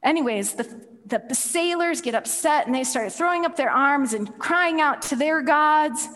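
A woman with a high, slightly bright voice delivers a sermon unhurriedly in a church hall. She tells her story playfully, laughing and asking rhetorical questions. The large space adds a long reverb.

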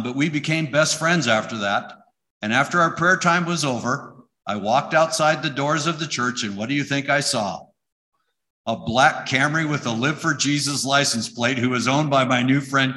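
A middle-aged church member gives an emotional personal testimony, telling his story in a conversational way. His voice is medium in pitch with a sharp tone.

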